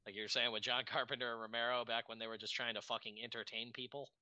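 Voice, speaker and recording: A man's voice: medium pitch, little pitch movement, fast, sharp tone, dry recording, lo-fi sound. A man co-hosting a podcast in casual chat, crude and wisecracking. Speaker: podcast co-host.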